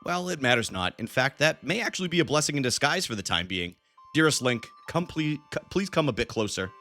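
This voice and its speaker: A man's voice: medium pitch, very animated, a little fast, bright, forceful tone, faint music behind. A man reading a grave, formal old female elder's game lines in his own voice. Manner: formal, read plainly off the screen.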